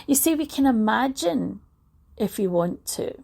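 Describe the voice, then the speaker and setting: A woman giving a motivational talk, moving between hushed guided imagery and lively storytelling. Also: fairly high pitch, measured pace, gravelly. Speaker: motivational speaker.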